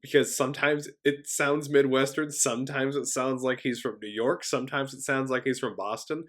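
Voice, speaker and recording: A man's voice: mid-range voice, fairly even intonation, normal speed, fairly bright tone. A man co-hosting a podcast, chatting casually about a film, laid-back and agreeable with an amused edge. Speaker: podcast co-host. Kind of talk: casual film review chat.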